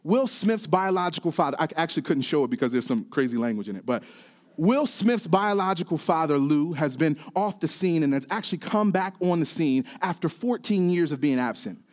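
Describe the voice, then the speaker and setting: High-voiced preacher, man. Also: lively intonation, fairly quick. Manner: swings from quiet to rising, emphatic repetition. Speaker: pastor. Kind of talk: sermon.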